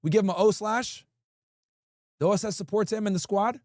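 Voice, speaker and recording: A man hosts a livestream in a high, slightly mellow voice, talking a little fast with no echo and studio quality. He chats casually with his audience, reading their comments aloud and speaking straight to chat in a blunt, profane way.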